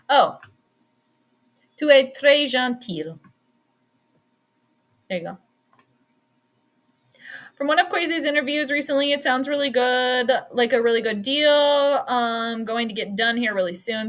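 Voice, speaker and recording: A bubbly woman hosts a casual sports chat stream, reading out viewer comments and laughing often. Her voice sits a touch high and sounds bright and forceful. She keeps a loose, chatty manner throughout. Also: unhurried. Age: adult. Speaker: sports podcast host.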